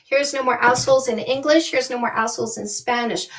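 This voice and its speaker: A woman with a high, bright-pitched voice talks straight to her live-stream audience, blunt and animated, calling them "my loves." She sounds set back from the microphone. She is a middle-aged dating coach from Canada. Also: brisk, distant mic. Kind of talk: casual live-stream chat.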